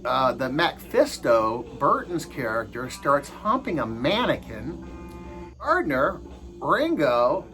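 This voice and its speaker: A man's voice: on the high side, a bit bright, rough recording. A man giving a casual movie review, hesitant and full of filler sounds.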